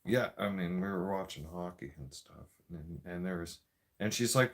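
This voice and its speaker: A man's voice: low voice, normal speed. A man telling a profane, rambling story in a casual rant. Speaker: vlogger.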